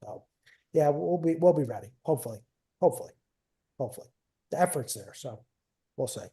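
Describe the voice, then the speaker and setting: Middle-aged man, guest coach: rambling, repetitive storyteller, slightly high voice, warm tone. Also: expressive, normal speed. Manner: rambling, repeats phrases, chatty and self-mocking. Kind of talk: casual storytelling interview.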